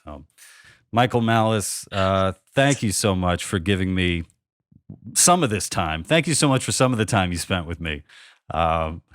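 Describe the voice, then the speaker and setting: This man in his thirties hosts a podcast of casual comedic conversation, rambling along, restarting a lot, and poking fun at himself. He has a deep, animated, slightly bright voice and a measured pace. The recording is clean studio sound with no echo.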